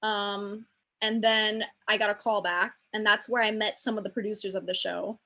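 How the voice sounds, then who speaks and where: A woman's voice: medium pitch, level tone, normal speed, bright, forceful tone. A woman chatting casually on a video call, full of "like" and "um". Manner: chatty, lots of "like" and "um". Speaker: cast member at a reunion.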